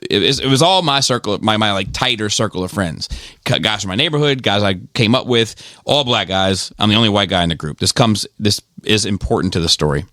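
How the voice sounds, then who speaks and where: A man from Maryland with a low voice tells casual stories on a podcast, swearing freely and acting out the people in them. His voice is recorded dry and close, with no room sound. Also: a little fast, no room sound. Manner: profane, animated retelling with quoted voices. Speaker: podcast host. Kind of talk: casual storytelling.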